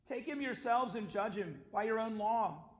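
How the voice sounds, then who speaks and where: A man's voice: sits high, expressive, normal speed, a little hiss or hum, voice pushed up. A man reading as a stern Roman governor. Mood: stern questioning. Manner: raised, emphatic questioning. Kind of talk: liturgical scripture reading. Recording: echoey church sanctuary.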